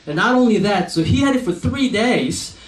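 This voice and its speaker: A man's voice: sits high, expressive, a crowd in the background. A man in his forties, an eye doctor, telling a chatty story to an audience, laughing often and acting out what people said. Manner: slow, chatty, laughs often, acts out dialogue. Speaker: optometrist speaking at a company event. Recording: echoey hall from far off, faint noise.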